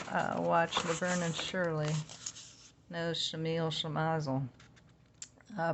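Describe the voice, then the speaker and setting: A woman hosting a podcast, reading entries aloud from a book and adding casual side remarks of her own. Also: on the low side. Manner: reads entries, then adds chatty side remarks.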